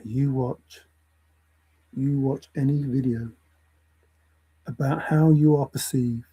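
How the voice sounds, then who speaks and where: Husky, lecturing man. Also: medium pitch, steady tone, takes it slowly, warm tone, low-quality recording. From England. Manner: lecturing, repeats points for emphasis. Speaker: vlogger. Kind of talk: opinion rant to camera.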